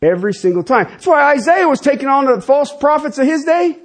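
A very high voice at a fairly quick clip belongs to a pastor in his fifties. He preaches in a lively, chatty manner and makes casual asides to those gathered.

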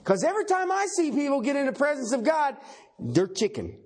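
A man's voice: very high voice, sing-song, brisk. A man preaching a sermon, emphatic and folksy, repeating key phrases for effect.

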